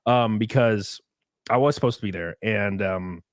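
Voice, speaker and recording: A young man hosting a podcast in casual chat, animated and profane, reading viewer comments and breaking into sudden loud yelps. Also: lowish voice, normal speed, dry recording, clean studio sound. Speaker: podcast host.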